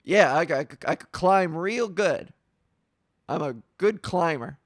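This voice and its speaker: A woman's voice: fairly low pitch, expressive, takes it slowly, no echo, studio quality. A woman voicing a dopey, eager male superhero who boasts about his ropes and his climbing.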